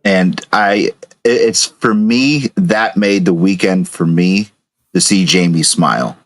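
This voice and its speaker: A man's voice: low-pitched, slow. A man co-hosting a casual chat show, rambling through his stories with stumbling restarts. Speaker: co-host.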